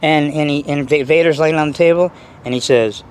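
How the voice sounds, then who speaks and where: A man talking to camera about his hobby in a casual, boastful, rambling way, full of restarts and excitement. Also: a little high, a little fast, a little hiss or hum. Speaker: RC nitro hobbyist vlogger.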